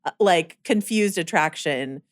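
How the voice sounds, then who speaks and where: Female co-host, lively pitch, quick with jokes. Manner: animated, quick to jump in with jokes. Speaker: podcast co-host. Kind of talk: casual chat.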